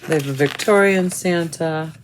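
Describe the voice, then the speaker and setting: A woman's voice: sits low, moderate pace, slight background noise, poor audio. A woman casually showing her cross stitch chart books to viewers, chatty and admiring, thinking aloud as she flips pages. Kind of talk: casual show-and-tell of craft books.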